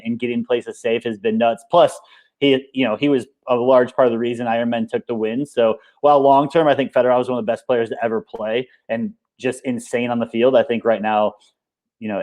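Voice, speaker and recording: A man's voice: medium pitch, a little mellow. Rambling man as an interview guest. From United States. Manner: rambling, filler-heavy, repeats words. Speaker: guest, paintball coach. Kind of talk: casual interview chat.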